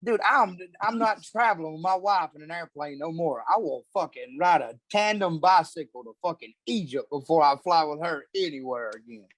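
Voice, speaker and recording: A man's voice: a little high, lively intonation, moderate pace, hardly any pauses, fairly bright tone, no echo. Profane man telling road stories. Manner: profane, rambling anecdotes. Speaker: comedian, podcast guest. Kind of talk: casual storytelling chat.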